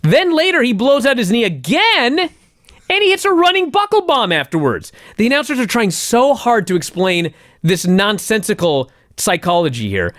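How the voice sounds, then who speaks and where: Ranting, sarcastic man, lively pitch. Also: moderate pace, dry recording, studio quality. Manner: ranting, sarcastic, swears a lot. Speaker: podcast co-host. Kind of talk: casual profane wrestling review chat.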